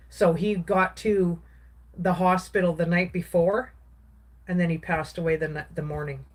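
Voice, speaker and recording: A woman, a craft vlogger, casually recounting a personal story in a rambling way, with many restarts and filler words. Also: low voice.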